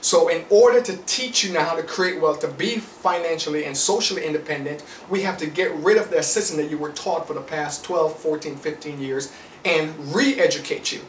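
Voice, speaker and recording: A man's voice: a little high, moderate pace, recorded from a distance, slight background noise. A man with a Jamaican accent giving an emphatic, preachy motivational lecture, driving points home with rhetorical questions. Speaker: motivational speaker. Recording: roomy sound from away from the mic.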